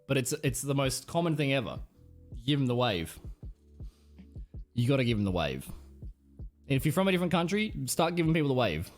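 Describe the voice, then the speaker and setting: A young Australian man streaming live, rambling through casual stories with plenty of swearing. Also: mid-range voice. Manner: rambling, profane storytelling. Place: home streaming setup.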